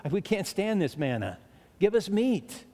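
A preacher mimicking whiny grumbling wanderers. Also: male voice, high voice, very animated, unhurried, dark tone, pitched above the performer's own voice, full character voice. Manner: mock-complaining, whiny. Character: whining grumbling ancient wanderers begging for meat. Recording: long hall reverb.

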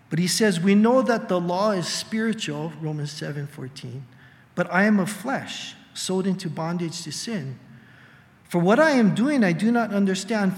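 Animated older preacher in a reverberant hall. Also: male voice. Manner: animated, acts out quoted voices in a high strained pitch. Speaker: pastor. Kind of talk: sermon.

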